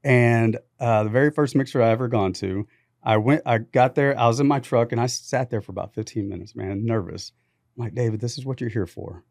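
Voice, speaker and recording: Male podcast guest, mid-pitched, animated storyteller, dry close studio mic. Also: brisk, gravelly, no room sound. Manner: animated anecdotes with quoted dialogue. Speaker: podcast guest, business founder. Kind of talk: casual storytelling.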